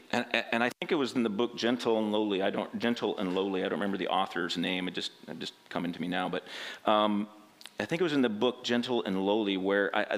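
Conversational male preacher, lively pitch. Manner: conversational, asks rhetorical questions, tags with "right?". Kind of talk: sermon.

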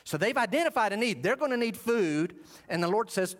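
A man preaching a sermon, switching between emphatic preaching and low, contemplative asides. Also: animated, brisk. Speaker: pastor.

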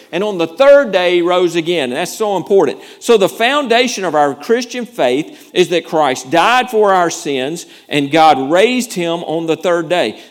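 High-voiced preaching man. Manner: earnest, emphatic preaching with frequent word repeats. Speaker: pastor. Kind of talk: sermon.

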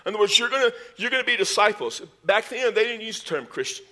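A man preaching a sermon, animated, rising in pitch and volume to stress his points, with folksy asides. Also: quick pace. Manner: folksy asides and sports metaphors. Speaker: pastor.

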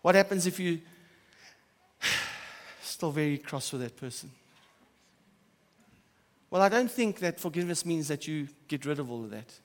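A high-voiced pastor preaching his sermon, his voice rising to loud emphasis and then dropping to soft, quiet asides. The sound rings out with the long reverb of a church hall. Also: lively intonation, normal speed, pauses often.

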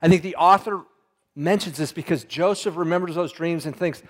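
A man's voice: on the high side, normal speed. A man preaching a Bible lesson in a casual, conversational way, retelling scripture in everyday words and asking his listeners questions.

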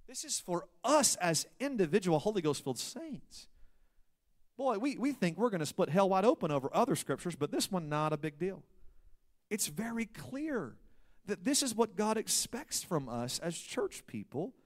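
Animated preaching man with a lilt. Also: high-pitched, moderate pace. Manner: animated preaching, swings from loud to hushed. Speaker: pastor. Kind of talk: sermon.

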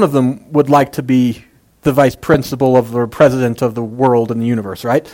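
A man's voice: mid-range voice, little pitch movement, brisk, darkish tone. A man preaching a casual, conversational sermon, making jokey asides and using plenty of fillers. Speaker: pastor.

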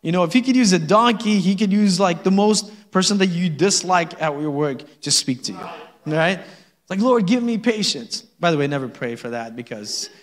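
Joking pastor in a reverberant church. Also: male voice, fairly high pitch, moderate pace. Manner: conversational and joking, with frequent laughs and "amen?". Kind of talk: sermon. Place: church sanctuary.

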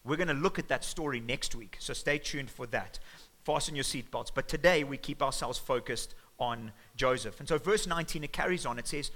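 A male pastor giving a sermon in a church, with a bright, forward tone. He speaks in a lively, conversational way as he retells the story. His pitch sits mid-range for a man. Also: a little fast, low-quality recording.

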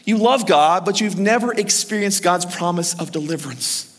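A man preaching a sermon as pastor, energetic and urging the congregation to answer back. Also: high voice, normal speed. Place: large church hall. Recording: reverberant church hall.

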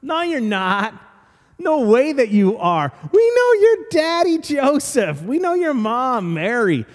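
Man putting on a mocking heckler, high taunting voice, hall reverb. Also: huge pitch swings, slow pace, exaggerated voice. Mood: scoffing.

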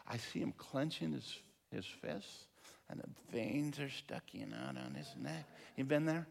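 Middle-aged male pastor, slightly higher voice, animated storyteller who acts out quotes and murmurs asides. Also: unhurried, vocal fry. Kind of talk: sermon with storytelling.

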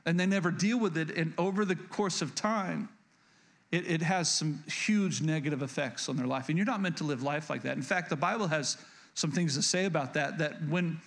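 Pastor, male, higher register; earnest preacher who repeats key points and restarts sentences. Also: moderate pace, fairly bright tone. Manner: frequent stutters and restarts. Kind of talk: sermon.

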